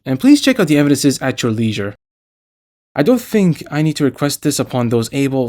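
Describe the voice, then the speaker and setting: A man hosting a scripted video essay, reading it out with casual asides. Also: medium pitch.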